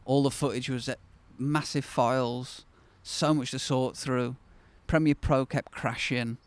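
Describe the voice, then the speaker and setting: A man's voice: medium pitch, steady tone, measured pace, no room sound. A man in his thirties, the host of his own channel, telling a personal story to camera in a candid, conversational way that turns reflective and then bursts with enthusiasm.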